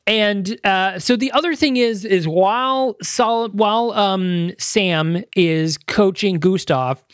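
A man's voice: sits high, slow, smooth, no echo, clean studio sound. A man co-hosting a podcast, casually retelling a movie plot in a rambling way, full of fillers. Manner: rambling, filler-heavy retelling with lots of "like" and "you know". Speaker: podcast co-host. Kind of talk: casual movie review chat.

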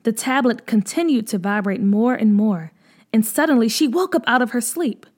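A woman narrating a children's story in a gentle, measured read-aloud manner. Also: on the high side.

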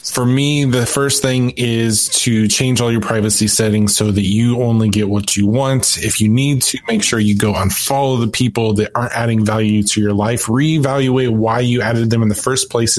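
A male podcast co-host rattles off tips in a brisk, direct manner. His tone stays conversational and plain. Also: on the low side. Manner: brisk, advice-giving, direct. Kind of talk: casual podcast chat.

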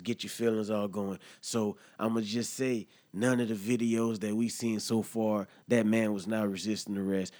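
A man's voice: fairly low pitch, a little mellow. Heated, profane man on a podcast. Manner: heated, profane, slangy, talks straight to listeners. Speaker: podcast host. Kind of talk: impassioned solo podcast commentary.

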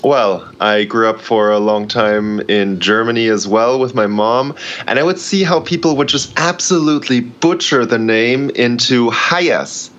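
A man's voice: medium pitch, moderate pace, fairly bright tone. A man as a podcast guest, explaining things in a thoughtful, easygoing way. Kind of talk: casual conversation. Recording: dull lo-fi sound.

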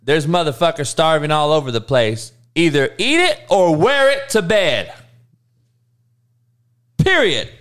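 A man's voice: on the high side, very animated, a little slow, pauses often, a bit bright, clean tone. A man playing a stern old-school father who barks orders and curses. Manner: barking orders, cursing.

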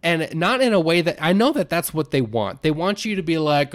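Animated man telling a story on a podcast. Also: on the high side, brisk. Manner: animated storyteller, acts out quotes with shouts. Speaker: podcast co-host. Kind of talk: casual podcast chat.

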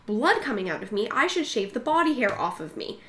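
Young woman podcast cohost, lively swooping voice, slightly high, laughs a lot, swears. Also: brisk. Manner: storytelling with bursts of laughter, acts out quotes; swears freely. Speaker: podcast co-host. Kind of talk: casual chat.

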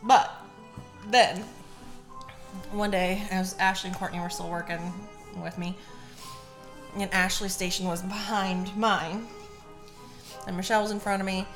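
A woman's voice: medium pitch, little pitch movement, unhurried, pauses often, music in the background. A young adult woman co-hosting a podcast, telling stories in a loose casual way, swearing freely and laughing easily. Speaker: podcast co-host. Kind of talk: casual storytelling chat.

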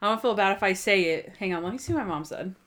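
A woman's voice: mid-range voice, quick pace, fairly bright tone. A young woman co-hosting a casual chat, retelling TV scenes with quoted voices and frequent laughter. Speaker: podcast co-host. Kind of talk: casual chat recapping a TV episode.

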